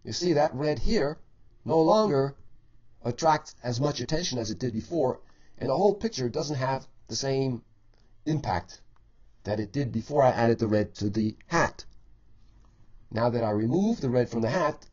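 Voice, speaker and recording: A man teaching a painting lesson while demonstrating, explaining in a measured way and stretching key words for emphasis. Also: medium pitch, lively intonation, darkish tone. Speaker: painting instructor. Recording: dull lo-fi voice-over.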